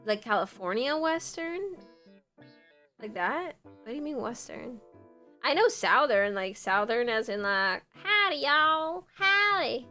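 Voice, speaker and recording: A woman's voice: fairly high pitch, expressive, unhurried, bright, forceful tone, faint music behind. A woman streamer chatting casually, full of fillers, reacting to a video. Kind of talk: casual live-stream chat.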